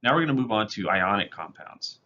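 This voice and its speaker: A man with a somewhat low voice explains chemistry in a recorded lecture, going step by step in a plain, methodical way. The audio is dull and lo-fi, with a faint hiss of noise underneath. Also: expressive, brisk, pushed and bright. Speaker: chemistry teacher. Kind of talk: recorded lecture over slides.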